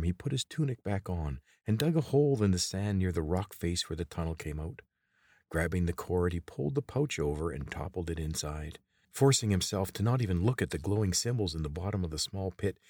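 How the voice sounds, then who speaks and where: A man narrating a fantasy audiobook in a steady, measured way. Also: sits low, dry recording. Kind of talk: scripted narration.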